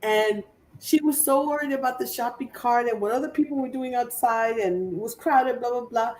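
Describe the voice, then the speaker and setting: A woman telling a lively, laugh-filled story in a relaxed crafting chat. Her voice sits a bit high and comes from a distance in a reverberant room, with faint ambient noise behind her. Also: moderate pace. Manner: animated storyteller, laughs often. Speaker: co-host of a crafting live show. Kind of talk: casual chat. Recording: echoey room from far off.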